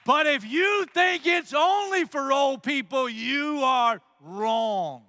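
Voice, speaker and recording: A man's voice: very high-pitched, takes it slowly, no room sound. A man preaching a sermon as pastor, telling stories with energy and acting out the quoted lines. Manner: animated storytelling, acts out quotes.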